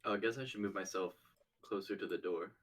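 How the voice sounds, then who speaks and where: A man's voice: low voice, fairly even intonation, brisk, a little hiss or hum. A man playing a tabletop game, curious and asking rules questions. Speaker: player. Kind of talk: casual chat at a game table.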